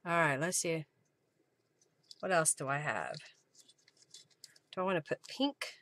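A woman's voice: low-pitched, lively intonation, a little slow, fairly bright tone. A woman hosting a live crafting stream, chatting casually as she thinks aloud while she works and thanks her viewers. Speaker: craft journaling host.

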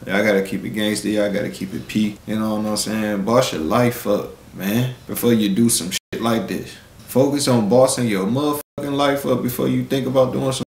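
A man's voice: lowish voice, steady tone, a little fast, gravelly, a little mellow. Blunt slangy man ranting, echoey room. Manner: blunt, preachy street slang, repeats "bro". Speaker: live-stream commentator. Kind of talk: casual commentary rant.

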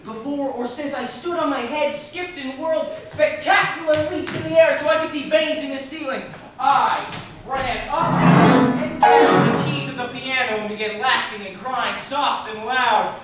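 A young man playing an intense, troubled teenage son in a live stage monologue, speaking theatrically and swinging between hushed and loud passages. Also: extremely high pitch, fairly even intonation, normal speed, hardly any pauses, faint music behind. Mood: feverish. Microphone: distant room mic. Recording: distant, echoey theatre hall, noisy.

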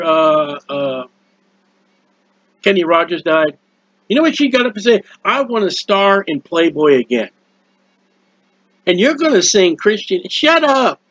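A middle-aged man preaching an impassioned, rambling home sermon, exclamatory and animated. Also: sits high, no echo. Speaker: preacher of a hymn channel. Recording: dull lo-fi dry sound.

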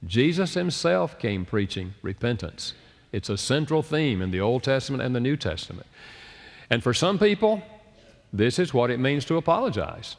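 A man's voice: medium pitch, very animated, moderate pace. A man, an author and counselor, giving a storytelling talk and acting out the people he quotes. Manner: acts out quoted people with changed voices. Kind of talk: lecture with storytelling. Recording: long reverb of a large hall.

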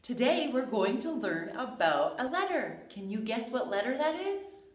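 A woman's voice: on the high side, normal speed. A woman preschool teacher giving a playful letter lesson and reading a book aloud to young children. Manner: animated, playful, sing-song. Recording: roomy echo.

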